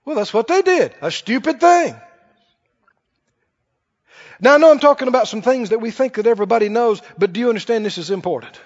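A man preaching a sermon in an animated, conversational way to a church congregation. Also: very high-pitched, a little fast. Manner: animated, conversational, acts out quoted voices. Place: church hall. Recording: dull recording with long hall reverb.

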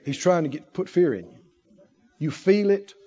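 A man preaching a sermon in an animated way, firing rhetorical questions and breaking into laughter. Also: a little high, moderate pace, breathy edge. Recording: dull lo-fi recording.

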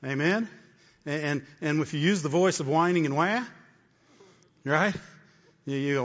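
A man's voice: a little high, lively intonation, moderate pace, pauses often. A man preaching a sermon with repeated phrases, often asking "Amen?". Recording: dull, echoey hall.

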